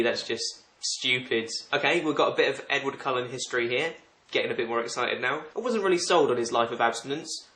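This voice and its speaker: Young British male vlogger, deadpan and sarcastic, brisk, echoey room. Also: medium pitch. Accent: British English. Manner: sarcastic, deadpan asides, frequent laughing. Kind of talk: casual comic vlog, reading aloud and commenting.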